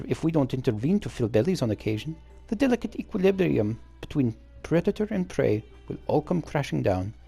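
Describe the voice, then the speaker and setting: A man voicing a shrewd female wildlife overseer with a put-on accent, in a sly, theatrical, drawn-out manner, reading game dialogue during a playthrough. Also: medium pitch, creaky, warm tone, slightly rough, exaggerated voice.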